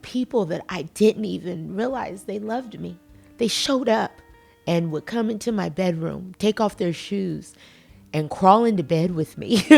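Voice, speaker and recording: A woman's voice: mid-range voice, vocal fry, a little mellow. A middle-aged woman hosting a motivational podcast, earnest and folksy, talking with emphatic conviction. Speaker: podcast host.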